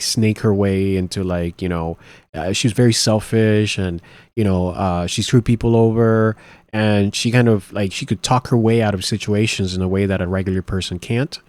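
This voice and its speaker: A man's voice: lowish voice, darkish tone, no room sound. A man hosting a reaction video, talking casually and rambling as he thinks aloud with many restarts. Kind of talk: casual commentary.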